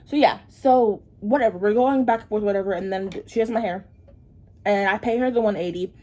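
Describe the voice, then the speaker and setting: A woman's voice: mid-range voice, a little fast, darkish tone. Rambling, frustrated woman vlogger. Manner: chatty, rambling, repeats phrases for emphasis; frustrated, venting. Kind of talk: casual storytime while getting ready.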